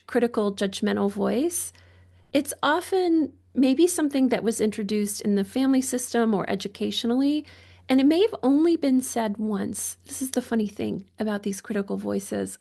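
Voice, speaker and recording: Woman, gravelly edge, slightly high voice, reflective podcast guest, searching delivery. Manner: thoughtful, searching, with frequent restarts and soft laughs. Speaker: guest, physician.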